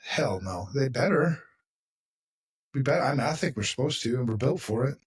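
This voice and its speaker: Blunt, husky-voiced man hosting a podcast. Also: mid-range voice, animated, normal speed, distant mic. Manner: blunt, emphatic, swears freely. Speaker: podcast host. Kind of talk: casual podcast chat.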